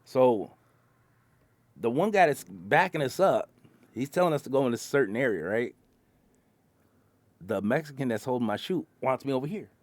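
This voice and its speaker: In casual bar conversation, a man recounts profane tales of his work as a concrete truck driver, playing out his coworkers' parts. His medium-pitched voice is expressive, at normal speed with long pauses, and there's no echo.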